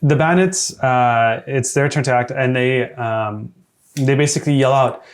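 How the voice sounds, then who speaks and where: Laid-back man running a tabletop game. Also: medium pitch. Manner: hesitant, many fillers, quick to laugh. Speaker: game master.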